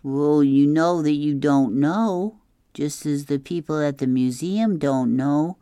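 Woman playing a practical young boy who coaxes softly; slightly raised pitch, steady pace. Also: takes it slowly, clear, resonant tone, no room sound, clean studio sound. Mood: coaxing. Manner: gentle, coaxing.

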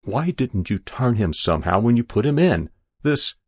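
Man doing a curt, gruff army officer. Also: low-pitched, big pitch swings, normal speed, a little mellow, no echo, heavily acted. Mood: anguished. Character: weary, hard-bitten male army officer.

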